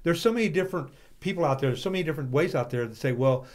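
A man's voice: fairly high pitch, lively intonation, racing, a little mellow. A man leading a conversational Bible class discussion in a loose, chatty way, often saying "you know.".

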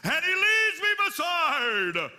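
A man voicing a showy male drama professor who recites in a grand, drawn-out manner that swells into shouts. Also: very high-pitched, huge pitch swings, pitched above the performer's own voice, full character voice. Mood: theatrical. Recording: sanctuary with long reverb, music behind.

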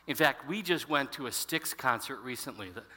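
A man's voice: mid-range voice, normal speed. A pastor in his fifties preaching a sermon to his congregation, telling stories and asking the room questions. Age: 50s. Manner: storytelling, animated, addresses the congregation. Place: large church hall. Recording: long hall reverb.

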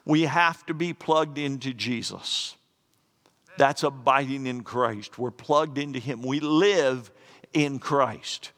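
Gravelly preacher in a reverberant hall. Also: male voice, on the high side, fairly bright tone. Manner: earnest, plainspoken preaching with quoted asides. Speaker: pastor. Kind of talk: sermon. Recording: echoey hall with long reverb.

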